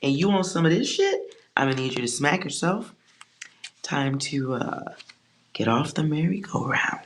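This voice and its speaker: A tarot reader giving a casual collective reading, blunt and joking, with slangy asides and soft whispered side remarks. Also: mid-range voice, expressive, moderate pace, a little hiss or hum.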